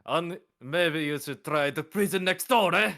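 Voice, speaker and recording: A man putting on a gruff drunk prison governor. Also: a little high, unhurried, sharp tone, pitched above the performer's own voice, full character voice. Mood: gruff hostile. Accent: shifting put-on Irish, southern, Brooklyn. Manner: gruff, threatening, improvised.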